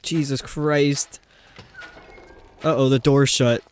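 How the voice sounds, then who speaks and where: A man's voice: mid-range voice, fairly even intonation, slow, clear, resonant tone. A young man giving live commentary while playing a video game, rambling, stumbling over his words and laughing often. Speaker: streamer.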